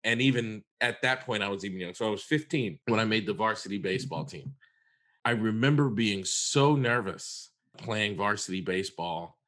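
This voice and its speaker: A man's voice: on the low side, lively intonation, normal speed, fairly bright tone. A man, a therapist co-hosting a podcast, telling a personal story in an earnest, conversational way and repeating words for emphasis.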